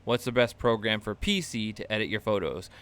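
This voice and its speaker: A man with a somewhat low, clean and resonant voice talks through a live-stream class for video creators. He rambles loosely, piling on fillers and restarts. He chuckles now and then at his own asides. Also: fairly quick, a bit bright, smooth. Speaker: channel host teaching a creator class. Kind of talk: casual live-stream teaching.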